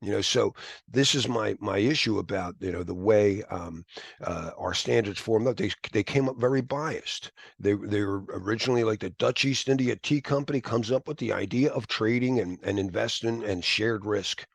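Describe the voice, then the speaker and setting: A man teaching a live class, talking in a rambling, animated way with quick whispered asides. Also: on the low side, creaky, no room sound, clean studio sound. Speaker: instructor.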